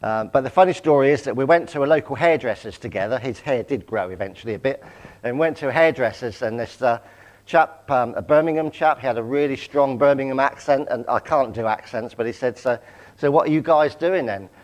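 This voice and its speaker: A man's voice: mid-range voice, a little fast. A man in his sixties from Southampton, giving a personal testimony talk as a guest speaker, anecdotal with self-deprecating humour. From England, Southampton. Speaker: guest speaker, charity chief executive.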